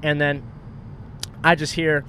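Profane storytelling man, slightly high voice. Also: slow, a little hiss or hum. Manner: profane, animated, acts out quotes in a high voice. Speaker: comedian podcast co-host. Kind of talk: casual road-trip storytelling.

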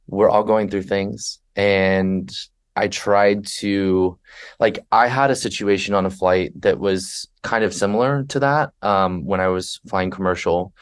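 A man with a fairly low voice, chatting casually as a guest on a podcast. He tells stories animatedly and slips into the voices of the people he quotes. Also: unhurried, clean tone. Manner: animated storyteller who acts out passengers and himself. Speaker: podcast guest, flight attendant. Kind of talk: conversational podcast interview.

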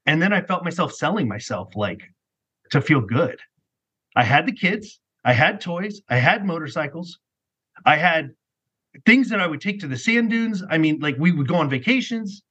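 A middle-aged man telling his personal story as a podcast guest, animated and rambling, peppered with "like". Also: on the high side, moderate pace, husky. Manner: animated, rambling, heavy use of "like". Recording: muffled lo-fi recording.

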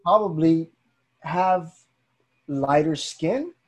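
A man's voice: fairly high pitch, very slow, husky. A young man in casual conversation as a podcast host, telling stories animatedly and acting out the people he quotes. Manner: animated storyteller, acts out quoted voices.

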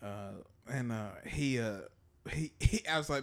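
A man's voice: medium pitch, moderate pace. A man co-hosting a podcast, telling stories in a casual, profane way and laughing through them. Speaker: podcast co-host. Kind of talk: casual storytelling chat.

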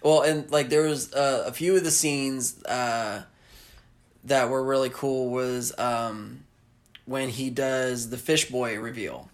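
A man from the American South in casual chat, rambling excitedly and acting out movie lines. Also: mid-range voice, slow pace.

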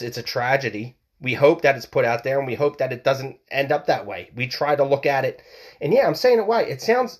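A man hosting his own podcast, delivering a blunt, heated opinion monologue with frequent swearing. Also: mid-range voice. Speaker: podcast host.

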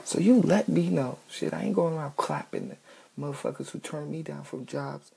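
A man's voice: on the high side, expressive, normal speed, gravelly, dark tone, breathy edge, rough recording. A man ranting casually, blunt and profane, often asking "you know what I'm saying".

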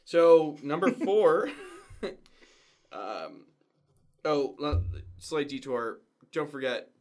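A man's voice: a little high, very slow. A man co-hosting a podcast in casual chat, telling stories and teasing his friend. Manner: animated storyteller, teasing. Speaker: podcast co-host.

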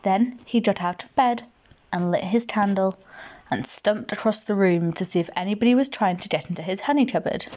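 A woman reads a bedtime story aloud to a child in a gentle, chatty way, her voice at a middling pitch. The recording is slightly muffled and lo-fi. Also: a little fast.

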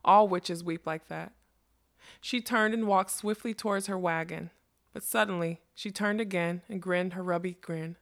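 A woman's voice: on the low side, steady tone, moderate pace, vocal fry, fairly bright tone. Woman reading a fantasy novel aloud. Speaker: narrator. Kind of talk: storybook reading.

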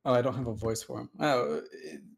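A man's voice: mid-range voice, steady tone, a little fast, vocal fry. A man hosting a casual chat, telling a long story in a chatty, digressive way. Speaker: host.

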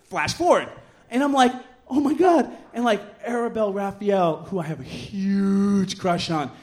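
High-voiced guy doing bawdy live storytelling in a bar, animated, self-mocking, loud when he acts out quotes. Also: normal speed. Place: bar stage before a live audience.

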